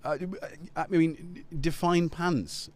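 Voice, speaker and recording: A man's voice: fairly high pitch, steady tone, slow pace, darkish tone, slight background noise. A man hosting a casual live stream, joking and rambling off topic at a studio mic. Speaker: livestream host. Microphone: studio dynamic mic.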